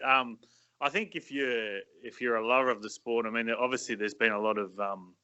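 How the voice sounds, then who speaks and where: A man chatting as a guest on a sports podcast, relaxed and given to light jokes. His voice is very bright and sits close and dry, with no room around it. He trails off and restarts often, with frequent ums. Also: medium pitch, dry recording. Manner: relaxed, joking, hesitant with many fillers. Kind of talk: casual podcast chat.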